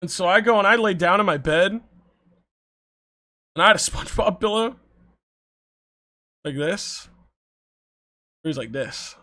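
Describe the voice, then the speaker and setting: A young adult man streaming, telling stories to his chat in an animated, laughing way with frequent swearing. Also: sits high, unhurried, long pauses. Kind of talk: casual storytelling to chat.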